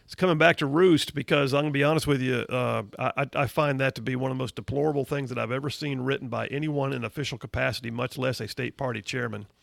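A man delivers emphatic, incredulous commentary as host of a political talk show. His voice has a gravelly rasp at mid pitch. The recording is dry and close, with no room sound. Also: steady tone, fast, hardly any pauses, fairly bright tone, no echo. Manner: reads out news headlines. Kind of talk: opinionated commentary.

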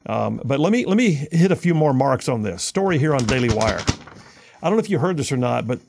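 A man's voice: mid-range voice, big pitch swings, a little fast, vocal fry, noisy background. A man hosting a talk radio show, reading news stories and mocking them in a sarcastic, combative way. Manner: sarcastic, combative, reads news then mocks it.

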